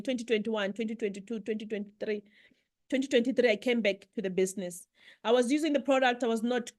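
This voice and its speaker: Heartfelt woman, fairly high voice. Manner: heartfelt, halting, many repetitions and "you know"s. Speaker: guest speaker. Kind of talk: emotional motivational testimony to a business group.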